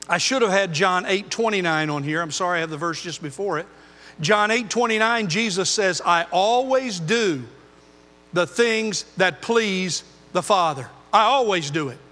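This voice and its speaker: An older man preaching a sermon as pastor, earnest, moving between loud emphasis and quiet intensity. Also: sits high, moderate pace, big-room sound.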